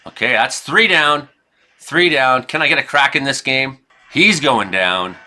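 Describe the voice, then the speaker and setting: Excitable man rambling over gameplay. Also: mid-range voice, a little slow. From Canada. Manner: rambling, excitable, reacts loudly to hits. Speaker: gaming streamer and weather forecaster. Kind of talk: casual gameplay commentary.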